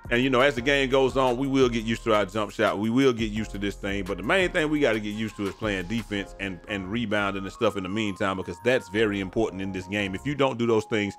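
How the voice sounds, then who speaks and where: A tired, yawning man streams games and casually comments on viewer messages, his loose slang full of "man" and "bro." His fairly low, slightly bright voice moves fast with few pauses, and faint music plays behind him.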